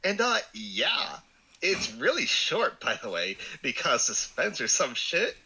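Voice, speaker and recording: A man's voice: mid-range voice, wildly swooping pitch, slow pace, sharp tone, slightly rough, exaggerated voice, poor audio. A man voicing a ditzy young valley girl author with a drawling delivery.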